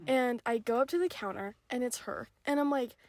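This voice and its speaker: A woman's voice: a little high, fairly quick, no echo. A young woman co-hosting a podcast, chatting casually and giggling, with casual swearing, recorded in a parked car. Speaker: podcast co-host. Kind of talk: casual chat.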